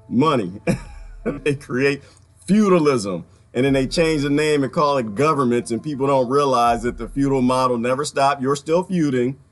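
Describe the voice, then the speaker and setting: A man vlogging in a rambling, jokey monologue, repeating phrases and laughing often. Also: medium pitch. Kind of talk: casual monologue.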